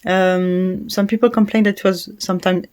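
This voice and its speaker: A woman's voice: medium pitch, steady tone, normal speed, darkish tone, smooth. A woman with a French accent, a native French speaker, giving a casual, chatty perfume review with frequent hesitations and little laughs. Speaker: fragrance reviewer.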